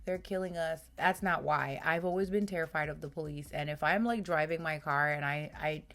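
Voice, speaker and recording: Chatty woman with a strained, lowered voice. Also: a little fast, a bit bright. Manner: chatty, uses "y'all", laughs at her own stories. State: strained voice, upper register gone. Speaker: true crime channel host. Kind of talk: casual chatty storytelling to camera. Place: home room, lawn mowing heard outside.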